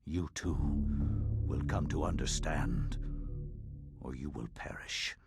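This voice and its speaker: An actor playing a grave Roman centurion turned haunted zealot, speaking in solemn, measured, ominous pronouncements in a video game. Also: male voice, a bass voice, gravelly, over loud music, full character voice. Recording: game audio with noisy backdrop.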